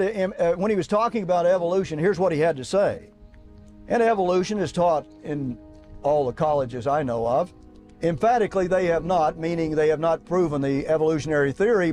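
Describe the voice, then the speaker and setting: Emphatic high-voiced male preacher. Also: darkish tone. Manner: emphatic, rising on rhetorical questions, reads quotes aloud. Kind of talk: outdoor sermon to young people. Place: outdoors at a camp.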